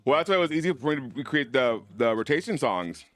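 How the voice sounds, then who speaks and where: A man's voice: medium pitch, very animated, fast talker, no room sound. A man livestreaming, chatting casually and playfully with his viewers in a rambling way. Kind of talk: casual chat over a live broadcast.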